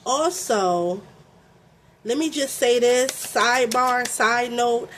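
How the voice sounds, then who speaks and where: Woman, Baltimore accent, casual tarot reading, fairly high voice, chatty with fillers and swearing, faint hiss behind. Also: slow. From Baltimore, USA. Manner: chatty, frequent "okay?" and fillers, swears freely. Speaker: tarot reader.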